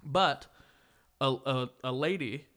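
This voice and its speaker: A man's voice: mid-range voice, slow pace, a bit bright. A man hosting a podcast, telling a rambling story in casual chat and often laughing mid-sentence. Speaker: podcast host.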